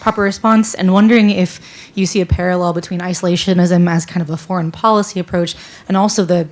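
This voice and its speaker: A woman in the audience asking a measured, thoughtful question at a public forum. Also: lowish voice, fairly even intonation.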